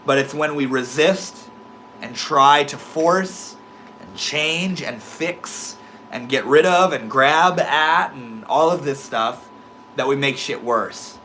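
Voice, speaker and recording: With a mid-range voice that sounds pushed and bright, this young man talks loosely to his livestream chat, cursing freely and showing a slight lisp. A faint hiss or hum sits under the audio.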